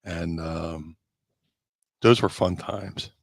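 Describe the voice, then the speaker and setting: A man's voice: low-pitched, fairly even intonation, drawn-out words, creaky, slightly rough, no room sound. A middle-aged man co-hosting a live wrestling chat show, telling rambling self-deprecating road stories. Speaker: podcast co-host, former wrestler. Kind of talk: casual storytelling chat. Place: home studio on a live stream.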